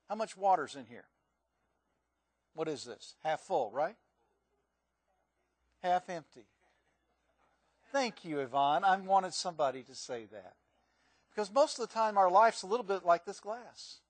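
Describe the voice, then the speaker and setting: A man's voice: fairly high pitch, lively intonation, measured pace, pauses often, no echo. A male pastor giving a conversational sermon, asking the congregation questions.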